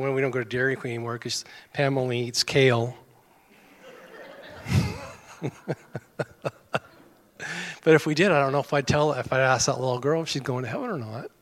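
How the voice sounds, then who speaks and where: Folksy preacher in an echoing church. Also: male voice, medium pitch. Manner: folksy, conversational, self-deprecating humor. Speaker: pastor. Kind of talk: sermon. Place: church sanctuary. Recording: long hall reverb.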